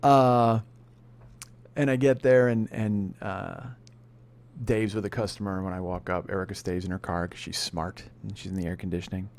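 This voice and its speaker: A man's voice: low voice, fairly even intonation, fairly quick, a little mellow. Rambling, cussing man telling a story. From Chicago. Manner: rambling, profane, self-deprecating. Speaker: podcast host. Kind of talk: casual comedic storytelling.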